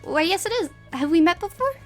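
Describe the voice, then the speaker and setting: A woman's voice: very high-pitched, animated, quick pace, faint music behind, pitched above the performer's own voice. A woman voicing a flustered young woman who stammers when she is nervous. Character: nervous young woman meeting an old classmate.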